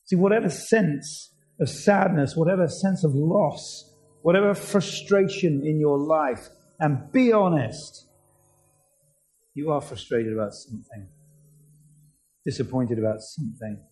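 A man's voice: on the high side, a little slow, darkish tone, soft background music, rough recording. A man preaching a sermon, earnest and asking his listeners many questions.

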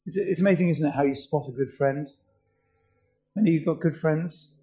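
A man's voice: fairly high pitch, normal speed, warm tone, faint music behind, rough recording. A man preaching a sermon, earnest and asking his listeners many questions.

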